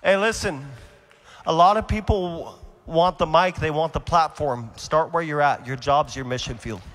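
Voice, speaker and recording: A young adult man preaching his testimony at a conference, earnest and animated, swinging between loud and hushed delivery. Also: a little high, moderate pace. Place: large conference hall. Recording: long hall reverb.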